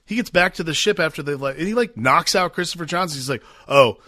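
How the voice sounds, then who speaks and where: A man's voice: a little high, fast talker, sharp tone, no echo, clean studio sound. A man co-hosting a podcast, analysing a film in a thoughtful, meandering way during a casual chat. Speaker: podcast co-host.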